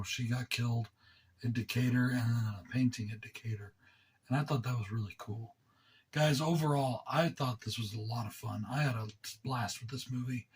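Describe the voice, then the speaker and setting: Husky-voiced man reviewing a horror film. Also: mid-range voice. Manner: relaxed, rambling, enthusiastic with fillers. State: sore throat, talking low. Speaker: movie review channel host. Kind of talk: casual movie review.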